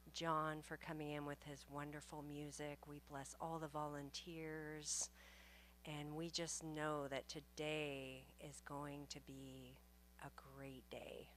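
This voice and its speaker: Woman service leader, low and bright tone, calm guided-prayer delivery. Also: slight background noise. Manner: calm, soothing, invites deep breaths. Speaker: service leader giving the blessing. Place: spiritual center service room.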